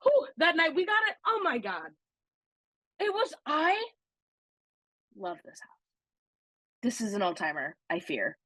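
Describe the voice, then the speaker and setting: Excitable lady podcaster, bright and a bit high, dry close mic, just gushing. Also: moderate pace, pauses often, no room sound. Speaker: podcast co-host. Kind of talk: casual podcast chat, ranking attractions.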